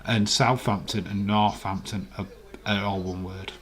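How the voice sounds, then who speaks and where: A man's voice: fairly low pitch, fairly even intonation, unhurried, fairly bright tone. A man from West Yorkshire with a Yorkshire accent, hosting a casual live watch-along and chatting playfully and argumentatively with his viewers. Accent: Yorkshire English. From West Yorkshire, England. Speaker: live stream host.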